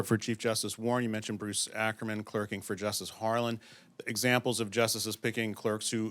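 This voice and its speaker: A man's voice: on the low side, fairly bright tone, clear, resonant tone. A man in the audience asking the speaker a long, searching question, with some hesitation. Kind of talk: conference question.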